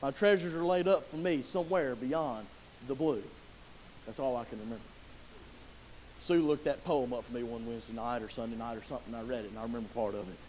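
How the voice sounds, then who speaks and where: A man preaching a sermon in a church, folksy and conversational, rising to loud emotional pleading. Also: medium pitch, quick pace, a little hiss or hum, poor audio. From Southern US. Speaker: pastor. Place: church sanctuary.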